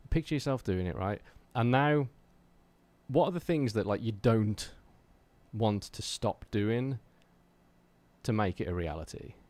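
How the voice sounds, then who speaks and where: This man from England addresses his stream chat in a slightly low, darkish voice, animated yet unhurried, with no room sound. Despite rambling through fillers and restarts, he's earnest and energized as he encourages viewers to chase their creative goals.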